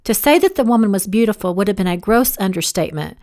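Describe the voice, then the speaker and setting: A woman's voice: mid-range voice, quick pace. Woman narrating her own romance novel. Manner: steady reading, voicing each character. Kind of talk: audiobook narration.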